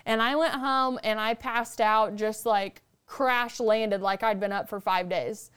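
A woman telling a story as a podcast guest, animated and chatty, swearing freely. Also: fairly high pitch, unhurried, clean tone. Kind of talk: casual storytelling.

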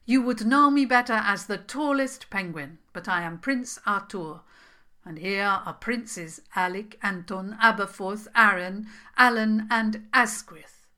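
A woman voicing a grateful, beaming young prince in a storybook reading, eager and high. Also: measured pace, pushed and bright. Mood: excited.

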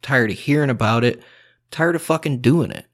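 A man's voice: mid-range voice, moderate pace, a bit bright. A man hosting a podcast, talking bluntly in a heated, profane, unscripted rant. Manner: heated, blunt and swearing constantly. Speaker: podcast host.

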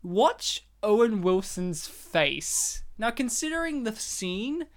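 A man hosting a casual movie commentary chat, animated and laughing often as he acts out scenes. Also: high voice, slow. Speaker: podcast host.

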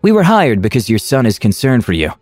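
A man voicing a polite, earnest male adventurer who speaks in a measured, respectful way. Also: mid-range voice, wildly swooping pitch, a little mellow, no room sound, soft background music.

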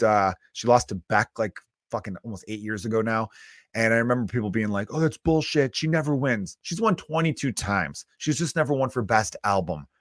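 A man's voice: fairly low pitch, fairly bright tone, dry recording. Guy in his 30s ranting on his podcast, swears a ton, blunt, dry close mic. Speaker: podcast host. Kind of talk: solo comedic podcast rant.

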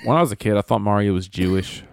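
A man hosting a podcast, joking crudely with friends, swearing freely and laughing loudly. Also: lowish voice, gravelly, smooth, no room sound, studio quality. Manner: loud, swearing, laughing, fast talker. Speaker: podcast host. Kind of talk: crude casual banter.

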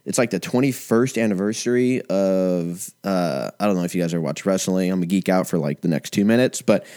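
A man in his twenties chatting casually and rambling, swearing a lot and sometimes breaking into loud impressions. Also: deep voice, a little fast, smooth. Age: 20s. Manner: profane, rambling, animated impressions. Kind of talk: casual chat.

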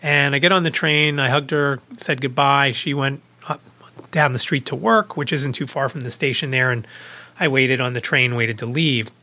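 A man's voice: mid-range voice, steady tone, moderate pace, bright, forceful tone. A man hosting a podcast, casually retelling a personal anecdote with small restarts. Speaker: podcast host. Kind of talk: casual storytelling vlog.

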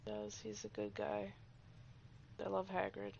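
Gravelly young woman with a lively voice. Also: mid-range voice, measured pace, muffled recording. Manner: gushing and wry, lively swings. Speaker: podcast co-host. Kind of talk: casual movie watch-along chat.

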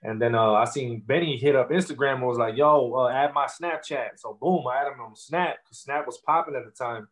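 He talks briskly at medium pitch with few pauses. The guest, a Texan rapper in his 30s, rambles through stories in a casual interview, cursing freely and leaning heavily on fillers.

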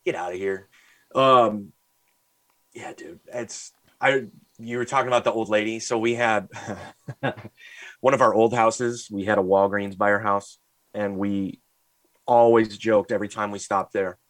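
A young man co-hosting a podcast, swearing freely and telling animated rants full of mimicked voices. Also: lowish voice, a little slow, dry recording. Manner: profane, animated storytelling; rants and mimics people in stories. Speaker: podcast co-host. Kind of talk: casual chat.

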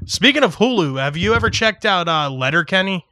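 A young man chatting casually about movies and shows, swearing a lot and shouting when he acts out yelling. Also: sits high, no room sound, studio quality. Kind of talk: casual chat.

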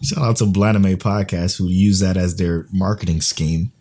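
A man co-hosting a casual podcast chat, animated and profane, laughing often. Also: low voice, moderate pace. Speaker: podcast co-host.

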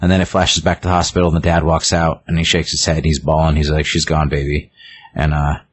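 A man's voice: very deep voice, little pitch movement, fast, a little hiss or hum. A man casually retelling a film's plot, rambling, with many fillers and restarts. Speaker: storyteller retelling a film. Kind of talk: casual chat.

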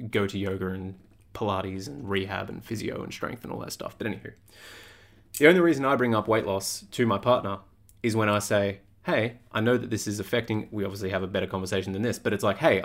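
A man's voice: fairly low pitch, fairly bright tone. Blunt, foul-mouthed young man podcasting. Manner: blunt, swears often. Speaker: podcast host and fitness coach. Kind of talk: casual podcast monologue.

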